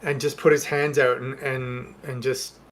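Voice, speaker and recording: A man's voice: medium pitch, level tone, unhurried, a bit bright. A man playing a tabletop game, hesitantly describing what his character does, trailing off and restarting. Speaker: player.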